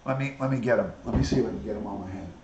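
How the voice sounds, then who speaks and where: A man's voice: on the low side, racing, muffled recording, very noisy. Chatty man live-streaming, echoey room. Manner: chatty, talks to viewers and coaxes his parrot. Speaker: live-stream host with a parrot. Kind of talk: casual live-stream chat.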